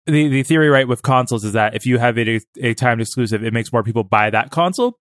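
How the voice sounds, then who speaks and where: A man co-hosts a casual tech podcast in a playful, jokey way, riffing freely between points. His voice sits at an ordinary pitch and is recorded dry and close. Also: fast talker, dry recording. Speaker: podcast co-host.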